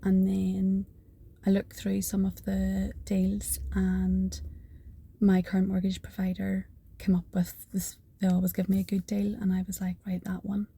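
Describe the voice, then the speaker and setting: A woman tells her testimony with a deep, dark, raspy voice that often drops into a breathy half-whisper. Her delivery is earnest and emphatic, circling back on repeated phrases, with a gravelly fry at the bottom of her voice. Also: completely flat delivery, a little slow. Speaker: person giving a faith testimony. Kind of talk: personal testimony storytelling.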